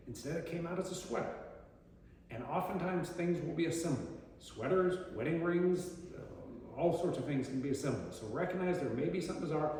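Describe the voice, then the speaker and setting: Male presenter, lively storyteller who acts out voices, slightly high-pitched, roomy distant sound. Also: normal speed, slight background noise. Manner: animated, acting out quoted voices. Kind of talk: community talk on dementia care. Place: community meeting room. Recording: echoey hall from far off.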